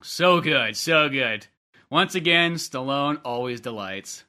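A man hosting a podcast in casual chat, animated and laughing often. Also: medium pitch, slow pace. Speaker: podcast host.

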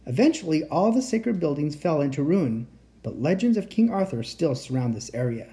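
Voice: medium pitch, big pitch swings, moderate pace, mellow. A reader voicing a polite teenage boy enchanter who speaks in formal, old-fashioned phrasing. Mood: earnest.

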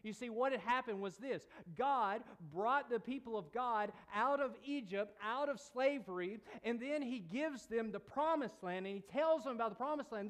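A man preaching a sermon, retelling a scripture story with playful asides and big swings between quiet and emphatic delivery. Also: moderate pace, few pauses. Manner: storytelling, rises and drops in pitch and volume, playful asides.

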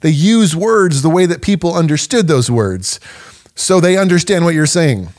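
A man hosting a teaching podcast, talking in an emphatic, animated way and laughing between points. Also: fairly high pitch, moderate pace. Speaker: podcast host and Bible teacher.

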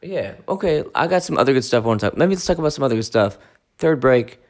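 A man in casual podcast chat, telling stories in an easygoing way with a middle-pitched voice. He laughs along with his co-host. His talk is loose and unhurried. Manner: relaxed storyteller, laughs along.

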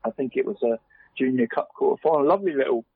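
A man's voice: medium pitch, expressive, fast, slightly rough, no echo. A man, chatting casually as a podcast co-host, rambling and dropping "mate" into nearly every phrase. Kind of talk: casual chat. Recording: tinny dry phone line.

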